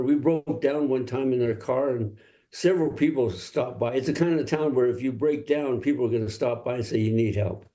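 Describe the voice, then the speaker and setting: An older male singer-songwriter from Los Angeles, telling stories in a relaxed interview and laughing often. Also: mid-range voice, creaky. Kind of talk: casual interview talk.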